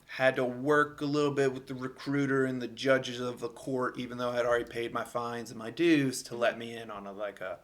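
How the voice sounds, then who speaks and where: A man's voice: medium pitch, flat delivery, a little fast, hardly any pauses, fairly bright tone. A young man from Louisiana hosting a podcast, chatting casually in a rambling way with lots of fillers and swearing. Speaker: podcast host. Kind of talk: casual chat.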